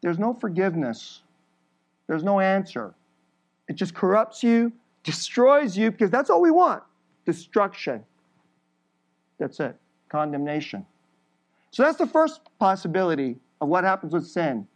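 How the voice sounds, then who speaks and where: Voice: mid-range voice, very animated, unhurried, long pauses. A preacher giving an emphatic sermon, building through repeated phrases and laughing briefly between points.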